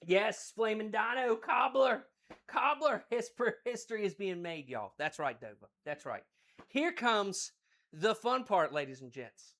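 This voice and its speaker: An excited man from West Virginia with an Appalachian accent, chatting folksily on a cooking livestream. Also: sits high, measured pace. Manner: folksy and exuberant, repeats phrases.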